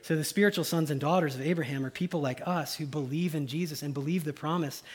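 A man's voice: fairly high pitch, quick pace, breathy edge. A middle-aged man preaching a casual, conversational sermon, acting out the voices of people in his stories. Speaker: pastor.

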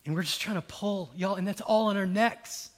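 A male pastor preaches in a loose, conversational way, talking straight to his listeners. His voice sits a little high for a man. He pushes some lines out loud and emphatic, then drops others to a soft hush. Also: normal speed. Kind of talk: sermon.

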